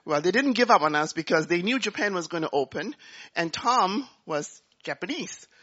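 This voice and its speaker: Woman telling her story on stage, really lively, bright voice, kinda dull lo-fi sound. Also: on the low side, moderate pace. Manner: animated, acts out dialogue, laughs often. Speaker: business speaker. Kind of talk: storytelling talk.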